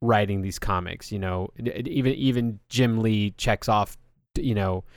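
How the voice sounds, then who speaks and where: A man's voice: lowish voice, moderate pace, smooth, no room sound, clean studio sound. A man hosting a podcast, chatting casually and loosely with lots of filler words. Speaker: podcast host.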